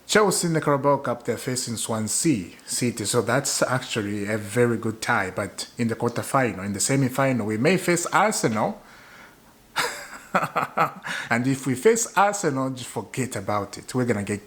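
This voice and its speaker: Young male football vlogger, lively up-and-down delivery, exasperated, hammers points home by repeating them. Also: mid-range voice, moderate pace. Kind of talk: casual fan rant to camera.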